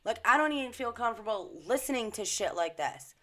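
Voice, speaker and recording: A woman's voice: on the high side, expressive, a little fast, sharp tone. A woman giving an indignant, emphatic commentary to her followers, swearing freely. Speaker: social media commentator. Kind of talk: casual ranting commentary.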